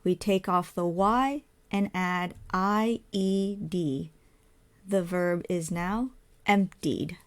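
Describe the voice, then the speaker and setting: Very slow, patient woman ESL teacher. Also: fairly low pitch. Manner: spells out letters, asks and answers her own questions.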